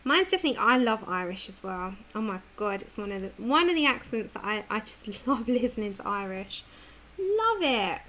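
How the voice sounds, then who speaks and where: British woman, colouring livestream host; bright, sharp tone, casual chat with lots of laughs. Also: medium pitch, lively intonation, a little fast, few pauses. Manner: chatty, laughs often, answers viewer comments.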